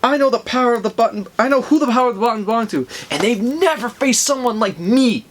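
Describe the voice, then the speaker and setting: A man reading a cocky, boastful comic-book villain, pitched a bit above his normal voice. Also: expressive, a little fast, fairly bright tone. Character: cocky, arrogant male time-travelling villain.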